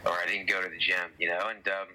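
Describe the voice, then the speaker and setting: A man in a casual podcast chat, talking earnestly and haltingly with many restarts. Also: low-pitched, level tone, sharp tone, slight background noise, poor audio.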